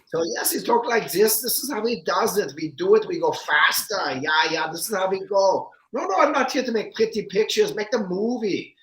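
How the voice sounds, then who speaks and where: A man imitating a brusque, impatient male film director with a German accent, clipped and hurried. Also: sits high, expressive, a bit bright, roomy sound, pitched above the performer's own voice.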